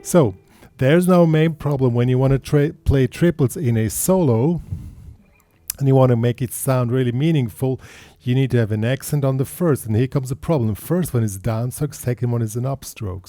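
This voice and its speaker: Guitar teacher counting beats over loud playing. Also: male voice, mid-range voice, moderate pace. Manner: explains with restarts, counts beats aloud while playing; checks in with the listener after points. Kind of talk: guitar tutorial.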